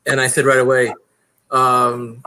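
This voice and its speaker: A man's voice: mid-range voice, monotone, a little slow, noisy background. A man telling a casual anecdote to friends. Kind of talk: casual storytelling.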